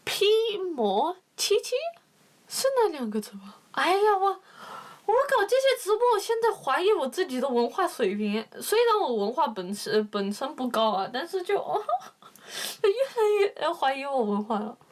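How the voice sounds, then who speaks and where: A woman's voice: high-pitched, big pitch swings, unhurried. A woman hosting a livestream, chatty and self-mocking as she moves between callers. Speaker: livestream host. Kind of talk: casual livestream chat.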